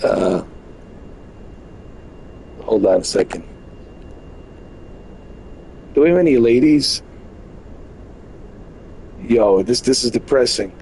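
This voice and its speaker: A man's voice: mid-range voice, expressive, slow, creaky, pauses often, mellow, slightly rough, poor audio. A man giving casual, joking live commentary on a flight game from his bedroom, full of exaggerated mock complaints. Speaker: game streamer. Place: bedroom at home.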